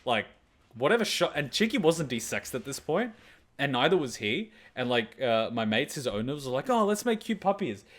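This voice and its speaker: A man's voice: mid-range voice, expressive, moderate pace, a bit bright. A young man, a reaction channel host, telling a long, rambling, profane story in casual chat and laughing often. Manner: rambling, profane, laughs a lot, acts out voices.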